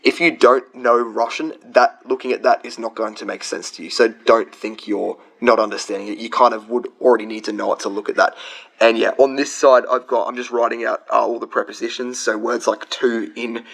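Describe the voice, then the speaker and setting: A man's voice: mid-range voice, steady tone, a little fast, vocal fry, fairly bright tone, poor audio. A young man casually explaining grammar from his study notes, chatty and rambling, with frequent restarts.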